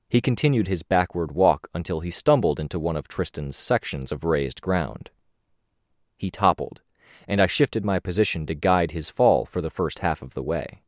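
Deep-voiced man narrating a story. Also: a little mellow, no echo, clean studio sound. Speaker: audiobook narrator. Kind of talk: first-person fiction narration.

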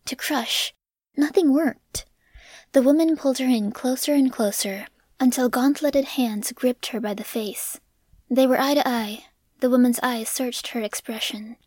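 A woman narrating a story in a measured voice that drops to a whisper on grim passages. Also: a little high, darkish tone, dry recording. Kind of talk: audiobook narration.

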